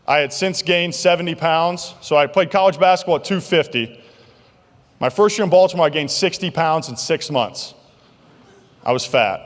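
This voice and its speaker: A male keynote speaker telling stories in an animated, jokey way to a banquet crowd. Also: fairly high pitch. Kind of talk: motivational keynote storytelling. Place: large banquet hall. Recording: long reverb of a large hall.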